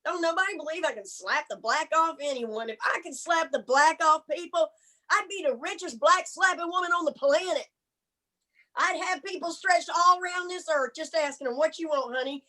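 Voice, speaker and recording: A woman's voice: high voice, normal speed, sharp tone. A woman comic voicing her tough, no-nonsense mother scolding her kids in a stern manner.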